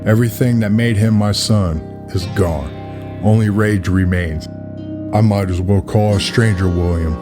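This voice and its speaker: A man voicing a grieving, dignified queen in a spoken story, calm and solemn, with music behind. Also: on the low side, moderate pace, natural voice.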